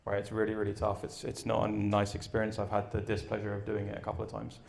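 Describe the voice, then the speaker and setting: Male conference speaker, gravelly, energetic storyteller who asks the room questions. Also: on the low side, fast talker. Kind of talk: live talk and Q and A. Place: event room with an audience.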